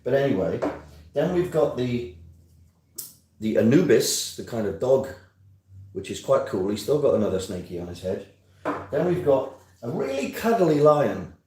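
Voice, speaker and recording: A man's voice: medium pitch, very animated, normal speed, pauses often, mellow. A man hosting a casual, jokey live stream from home, rambling and teasing his viewers. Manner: chatty, jokey, self-mocking. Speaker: host of a weekly live stream. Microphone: phone on a stand. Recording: roomy sound, phone some distance away.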